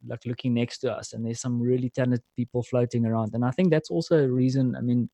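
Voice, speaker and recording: Warm-voiced man telling stories. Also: mid-range voice, fairly even intonation, quick pace, dry recording. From South Africa. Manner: storytelling, friendly, calls the host "man". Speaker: podcast guest. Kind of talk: casual interview chat.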